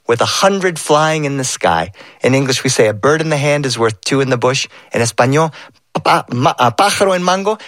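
A middle-aged man telling a family story aloud, playful and animated, slipping in sayings and voices. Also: fairly high pitch, no echo. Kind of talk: oral storytelling.

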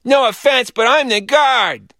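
A man voicing a cheeky four-year-old boy in a storybook reading, with a high, squeaky childlike voice. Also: measured pace, sharp tone, no echo, studio quality, heavily acted. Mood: whiny. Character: little boy, four, cheeky scene-stealer.

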